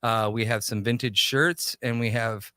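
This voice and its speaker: A man's voice: mid-range voice, unhurried, clean tone, no room sound, clean studio sound. Chatty man telling shop stories. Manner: animated anecdotes with quoted dialogue. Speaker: shop owner guest. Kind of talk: casual radio interview storytelling. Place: radio studio.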